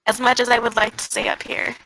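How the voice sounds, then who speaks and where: A weary young adventurer who doubts her own worth, as a woman puts her on at a tabletop game. She talks plainly, in a bright, clear voice close to the player's own, with faint noise behind her. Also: fairly high pitch, little pitch movement, fast, poor audio. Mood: resolved.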